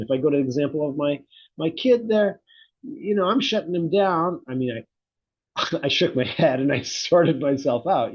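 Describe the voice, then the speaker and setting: Middle-aged guy, husky voice, thoughtful and animated, slightly muffled lo-fi sound. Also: on the high side. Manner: reflective, animated storytelling. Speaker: guest psychotherapy researcher. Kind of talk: conversational interview.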